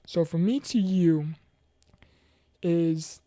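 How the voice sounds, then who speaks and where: A woman with a low, mellow voice speaks earnestly about her own mental health struggles. She pauses and restarts often, and she urges faith in a heartfelt, encouraging way. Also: no echo, studio quality. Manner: preachy, faith-focused encouragement. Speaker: motivational speaker. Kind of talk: personal mental health testimony.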